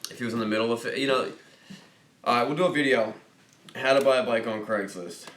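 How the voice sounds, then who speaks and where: A man hosting a casual livestream, reading viewer questions aloud and thinking out loud in a rambling, jokey way. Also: medium pitch, steady tone, fast, reverberant, a crowd in the background. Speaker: host of a motorcycle dealership livestream.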